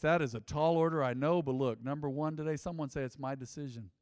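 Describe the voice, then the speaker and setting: High-voiced preacher working the congregation. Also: male voice, fast talker, few pauses, darkish tone, clean tone, no echo, clean studio sound, big-room sound. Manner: call-and-response, conversational, asks congregation to repeat. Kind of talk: sermon. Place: church sanctuary.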